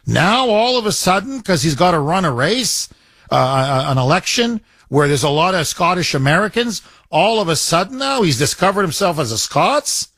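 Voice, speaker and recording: Radio host guy, kinda high voice, dry studio sound, keeps hammering the same point. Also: very animated, moderate pace, fairly bright tone, no room sound. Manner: emphatic, repetitive, rhetorical questions. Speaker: radio talk show host. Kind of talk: talk radio, taking calls.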